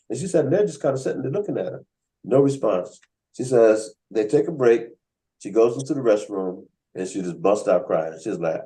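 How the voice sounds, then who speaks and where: In a low-quality recording, a man with a lowish voice hosts a writers' workshop by video call. He tells casual stories with animation, performing the quoted voices himself.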